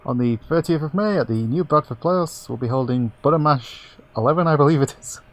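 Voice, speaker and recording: A man co-hosting a casual gaming podcast, his voice slowed and robotic from a bad internet connection. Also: fairly high pitch. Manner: reads out show links in a quick, breezy way. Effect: slowed, robotic-sounding internet connection. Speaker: podcast co-host.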